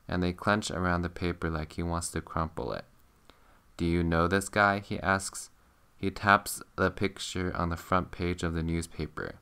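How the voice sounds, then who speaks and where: A man reading a novel aloud in a calm, steady voice, meant to help listeners sleep. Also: low voice, creaky, smooth. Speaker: reader.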